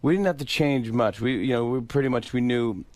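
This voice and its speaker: A man's voice: medium pitch, brisk, no room sound. A man, a guest on a radio show, telling a story and acting out the lines of the people in it. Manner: animated storyteller who acts out the dialogue. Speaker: talk show host guest. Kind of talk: telling an anecdote on a radio interview.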